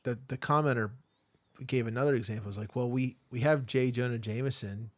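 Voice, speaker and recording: A man's voice: medium pitch, brisk. A man co-hosting a podcast in casual chat, asking questions with hesitant restarts. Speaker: podcast co-host.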